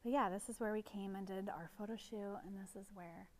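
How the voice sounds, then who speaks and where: A woman reselling vintage goods, chatting in a casual vlog, excitable and quick to get emotional. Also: mid-range voice. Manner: excitable and gushing, easily emotional. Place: small vintage shop indoors.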